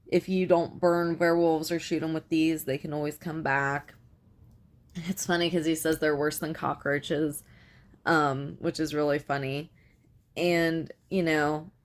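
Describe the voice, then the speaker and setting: A woman casually recapping a film's plot for a review, rambling and filling her sentences with "like" and "you know". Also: low-pitched. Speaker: film reviewer.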